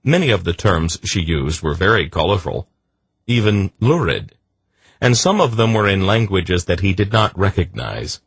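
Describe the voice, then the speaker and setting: A man narrating an audiobook in a measured, deliberate reading. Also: deep voice, very animated, vocal fry, husky, dry recording. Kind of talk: scripted narration.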